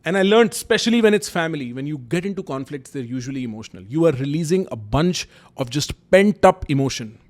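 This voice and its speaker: A young YouTube host with an Indian English accent tells candid, emphatic personal stories to camera. His voice is fairly high and fast, with lively intonation, and he mixes in Hindi kinship words and slang.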